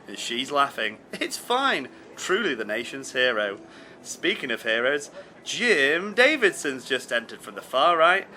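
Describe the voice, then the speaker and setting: A man's voice: fairly high pitch, pushed and bright, a little hiss or hum. A man from England presenting scripted sketch comedy in a mock-earnest commentator manner. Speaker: radio presenter.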